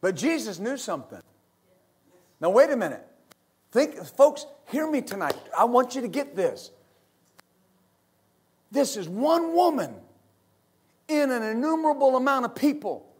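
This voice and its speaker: A middle-aged pastor from West Texas, preaching a fervent sermon full of amens and hallelujahs. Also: male voice, extremely high pitch, very animated, measured pace, long pauses, slightly rough.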